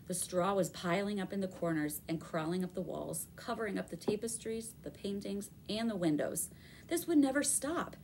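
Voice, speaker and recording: Brief: low-voiced woman reading a kids' book aloud, faint background hiss. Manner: expressive storytelling. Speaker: reader. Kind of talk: reading a children's novel aloud.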